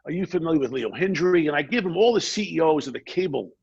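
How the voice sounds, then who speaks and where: Gravelly, husky man telling stories. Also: a little high, lo-fi sound. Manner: fast, energetic anecdote-telling with quoted asides. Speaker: podcast guest. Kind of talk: animated storytelling.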